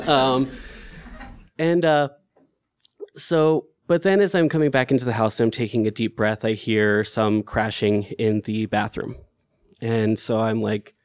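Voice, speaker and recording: Guy telling a story from his own life, loose and candid, clean smooth voice, dead dry room. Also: medium pitch, unhurried, no echo. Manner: candid and conversational, with filler words and restarts. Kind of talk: personal storytelling.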